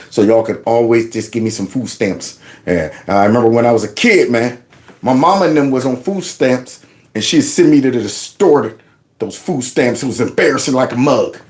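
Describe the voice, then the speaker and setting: A man's voice: medium pitch, expressive, normal speed, darkish tone. A man hosting his own livestream, talking loose and folksy and joking along. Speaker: livestream host. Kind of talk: casual live commentary.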